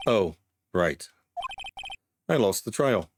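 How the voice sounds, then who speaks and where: A man's voice: medium pitch, expressive, a little slow, pauses often, background noise. A man voicing an older purple monster puppet who is emotional and easily flustered, giving casual commentary as he plays a game and reads its text aloud. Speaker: let's play host.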